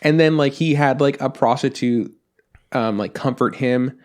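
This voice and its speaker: A co-host of a casual anime review show rambles along, filler-heavy, and acts out quotes. He has a mid-range voice with a darkish tone and a moderate pace.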